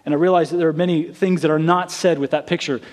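Male preacher, earnest sermon storyteller, a touch high-pitched. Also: steady tone, fast talker, a little mellow. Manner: earnest storytelling, acting out quoted lines.

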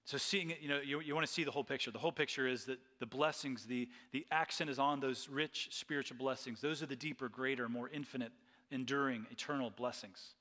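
A man's voice: mid-range voice, steady tone, fairly quick, pushed and bright, big-room sound. A man preaching a sermon as pastor, earnest and often repeating phrases.

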